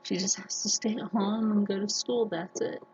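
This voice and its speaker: A woman vlogger talking earnestly to her viewers, telling personal stories slowly with many restarts. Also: mid-range voice, fairly even intonation, a little mellow, lo-fi sound, slight background noise. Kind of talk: casual personal talk to camera.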